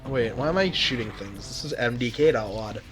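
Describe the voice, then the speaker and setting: A man's voice: medium pitch, a little fast, over music. A man streaming a video game, talking casually and sardonically, often swearing. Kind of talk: casual gaming chat.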